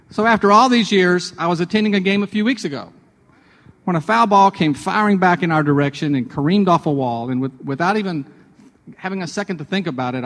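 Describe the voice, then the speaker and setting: A man's voice: high-pitched, fairly bright tone. Reverberant man telling a devotional story. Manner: chatty, personal anecdotes building to a sermon point. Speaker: radio devotional host.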